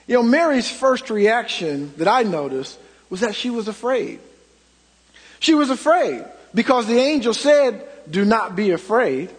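A middle-aged man delivers a storytelling sermon in a high, slightly husky voice. He swings from loud emphatic lines to hushed asides. A long reverb from the church hall trails after his words. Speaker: pastor.

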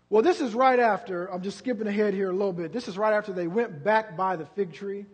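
A pastor preaching a sermon, moving from quiet storytelling to loud, drawn-out preaching. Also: male voice, high-pitched, breathy edge, big-room sound.

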